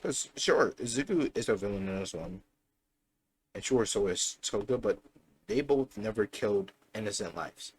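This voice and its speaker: A man's voice: lowish voice, lively intonation, moderate pace, slightly rough. A young man casually improvising a fan story aloud, rambling and correcting himself as he goes. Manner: rambling, self-correcting, chatty.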